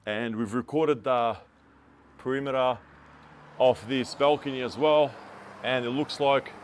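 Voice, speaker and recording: A man's voice: medium pitch, fairly even intonation, a little slow, a little hiss or hum. A man touring a building site, pointing out defects in a blunt, exasperated, chatty way. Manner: blunt, exasperated, laughing at shoddy work. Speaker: building inspector. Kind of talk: walkthrough site inspection vlog.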